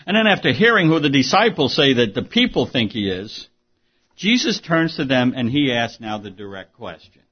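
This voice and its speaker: Man, pastor, sermon, husky voice, earnest, hushed to emphatic, dull lo-fi sound. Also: medium pitch, sing-song, moderate pace.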